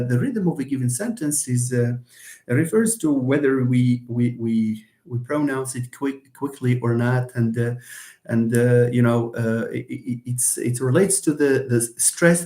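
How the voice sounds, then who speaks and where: A man's voice: medium pitch, a little mellow. A man gives a live linguistics lecture, his speech full of fillers and restarts. His voice sits in the middle range, and he draws out example words to show their sounds. The recording rings with room echo. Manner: hesitant, many fillers and repeated words; explains slowly, stretching example words. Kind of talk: live online lecture answering comments. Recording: roomy echo.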